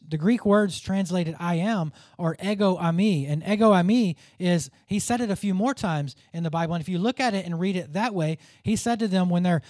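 A man with a fairly high voice teaches through a Bible passage in an earnest, informal way. He thinks aloud and restarts sentences as he goes. The sound is dry and close, with no room ring. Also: a little mellow, no room sound.

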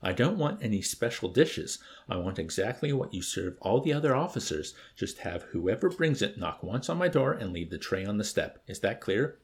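A man reading the part of a timid, withdrawn army major who answers in short, flat, clipped replies. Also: on the low side, normal speed, hardly any pauses. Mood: curt.

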